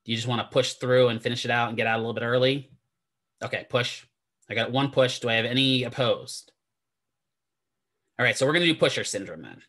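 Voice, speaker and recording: A man's voice: mid-range voice, brisk, long pauses, fairly bright tone. A man teaching a classroom lecture in a chatty, digressive way, often asking the students questions. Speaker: physical therapy instructor.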